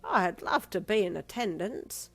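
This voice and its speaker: A woman voicing a cheerful, frail old man of almost ninety who warbles his words slowly and cracks jokes. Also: mid-range voice, very animated, gravelly, faint music behind, voice pushed up, exaggerated voice. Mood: eager. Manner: warbling, jokey, slow drawl. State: short of breath.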